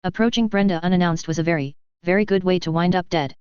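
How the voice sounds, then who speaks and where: Woman audiobook narrator, smooth low voice, dead-dry slightly muffled sound. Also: fast talker, darkish tone, dry recording. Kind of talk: scripted story narration.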